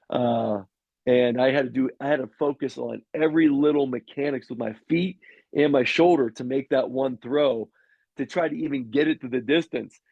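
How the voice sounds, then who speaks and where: A middle-aged man with a gravelly edge tells loose, rambling stories as a podcast guest, stopping and restarting his sentences. The sound is dry and a bit dull, as if recorded close in a small treated space. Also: medium pitch, no room sound. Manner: rambling anecdotes with many restarts and fillers. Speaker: former pro quarterback, podcast guest. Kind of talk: casual storytelling interview.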